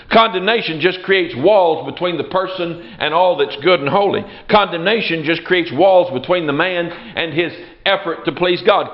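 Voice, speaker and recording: A man preaching with emphatic, repeated phrases, drawing out key words for weight. His voice sits a little high for a man. The recording is dull and lo-fi. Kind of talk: sermon.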